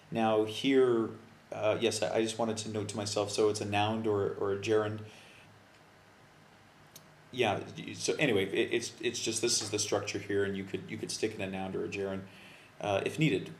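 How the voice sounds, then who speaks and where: A man coaching learners for an English speaking exam, talking loosely and thinking aloud with fillers and restarts. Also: lowish voice. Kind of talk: video lesson explaining exam phrases. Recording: roomy echo with faint background noise.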